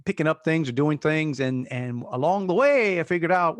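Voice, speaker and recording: A man in his fifties from Louisiana, co-hosting a casual chat and telling animated stories. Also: a little high, fairly quick, hardly any pauses, no echo. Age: 50s. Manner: animated storyteller, acts out voices. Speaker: podcast co-host.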